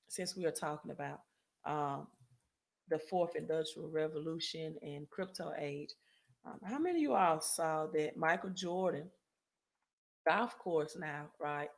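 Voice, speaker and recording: A woman hosting a casual finance livestream, talking loosely to viewers, often checking in with "right?" and correcting herself mid-sentence. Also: low voice. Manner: chatty, frequent "right?" tag questions and self-corrections. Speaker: credit and finance livestream host.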